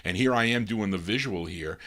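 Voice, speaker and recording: An older man hosting a show, chatting calmly and easily between records with a soothing, unhurried manner. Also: on the low side. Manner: calm, soothing announcing with easygoing asides. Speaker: host and record-spinning DJ. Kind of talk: casual live show chat between records. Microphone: talking into a microphone.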